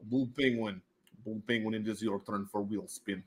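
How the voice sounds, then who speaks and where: A man hosting a casual livestream at home, running prize wheel spins in a goofy, animated way and slipping into silly voices. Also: fairly low pitch, fast talker. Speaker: livestream host running giveaways.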